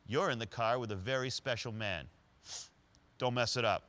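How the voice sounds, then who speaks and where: A man acting out a streetwise homeless man who is tough but kind, in a louder, higher, emphatic voice. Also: fairly quick, lightly acted. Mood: earnest.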